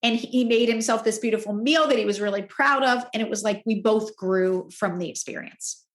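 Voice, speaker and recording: A woman guest telling a personal story in conversation, animated and jumping up in pitch when quoting others. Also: brisk, roomy sound. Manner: animated, jumps up in pitch to act out quoted speech. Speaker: podcast guest.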